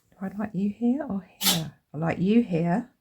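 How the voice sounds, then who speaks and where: Chatty woman, a bit husky. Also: mid-range voice, normal speed. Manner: chatty, excitable, lots of tag questions. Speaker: crafting channel host. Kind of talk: casual crafting chat to camera.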